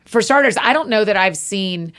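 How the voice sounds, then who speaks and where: A woman's voice: mid-range voice, animated, normal speed, a bit bright. A woman hosting a podcast, chatty and encouraging as she asks questions. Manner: chatty, encouraging with frequent affirmations. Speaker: podcast host. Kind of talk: casual interview.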